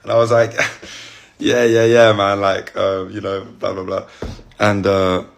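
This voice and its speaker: A man's voice: fairly low pitch, little pitch movement, a little slow, gravelly. A young man with an English accent, telling stories casually to camera with a rambling, chatty manner full of fillers. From England. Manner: rambling, chatty, lots of "like" and restarts.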